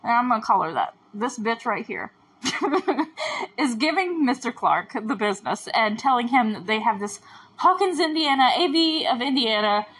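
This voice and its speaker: A woman with a slightly husky voice talks through a show episode on her podcast. She is chatty and exasperated, laughs often and drifts into tangents, and her voice sits a little higher than most. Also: sing-song, normal speed, a bit bright, poor audio. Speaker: podcast host. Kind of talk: casual episode recap podcast.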